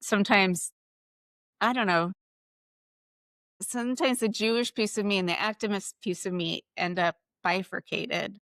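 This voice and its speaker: A woman podcast host in a conversational interview, thoughtful and measured, speaking with pauses. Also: mid-range voice, steady tone, fairly bright tone, dry recording, studio quality.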